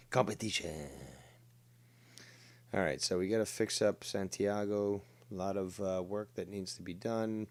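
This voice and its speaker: Low-voiced profane man streaming a game. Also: darkish tone. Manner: crude, sarcastic, thinking aloud with frequent fillers. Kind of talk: live gaming commentary.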